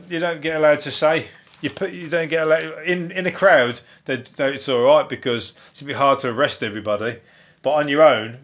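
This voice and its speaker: A man riffs on the day's news stories in a loose, rambling monologue. His talk is peppered with swearing and jokes. His pitch sits in the middle range for a man. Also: fairly bright tone. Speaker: podcast host. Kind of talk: casual news commentary monologue.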